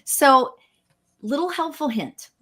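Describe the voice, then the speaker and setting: A woman who works as a spiritual medium, co-hosting a live stream and giving card readings in an effusive, excited and emotional way. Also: sits high, slow pace. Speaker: spiritual medium, guest co-host.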